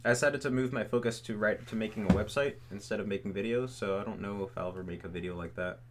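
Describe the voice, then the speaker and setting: This young streamer's voice runs on the low side and moves at a quick pace, with heavy background noise behind it. He answers chat questions casually, in loose speech full of fillers and "like"s.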